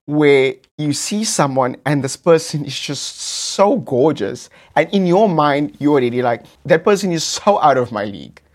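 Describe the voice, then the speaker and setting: Speaking at normal speed with few pauses, this South African English-accented man hosts a podcast and shares a personal story. His slightly high voice is animated, camp, and casual, and he repeats phrases for effect.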